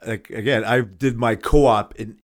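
A man's voice: medium pitch, steady tone, a little slow. A man in his fifties co-hosting a podcast, chatting casually and rambling with lots of filler phrases. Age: 50s. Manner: rambling, full of "like" and "you know what I mean". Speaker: podcast co-host. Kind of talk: casual chat.

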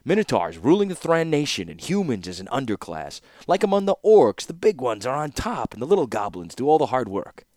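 A man's voice: medium pitch, sing-song, a little fast, hardly any pauses, darkish tone, no echo, clean studio sound, voice pushed up, natural voice. A man reading an audiobook voices an impulsive, argumentative young scholar who talks in heated, emphatic bursts. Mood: mocking.

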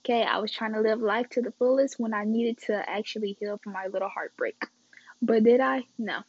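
A woman's voice: fairly high pitch, a little fast, a little mellow, husky, dull audio. A teenage girl telling a casual storytime vlog, chatting straight to her viewers and calling them y'all and guys. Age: teens.

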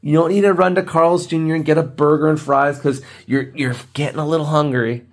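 A man's voice: on the high side, fairly even intonation, a little fast. A man around forty, hosting a podcast and ranting in a blunt, preachy, joking way. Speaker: podcast host. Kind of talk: ranting monologue.

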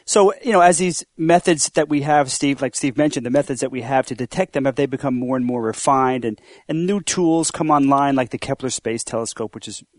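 A man's voice: mid-range voice, brisk, few pauses, dry recording. A man co-hosting a science podcast, explaining news in casual chat and often restarting his words. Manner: hesitant, repeats words. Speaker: podcast co-host.

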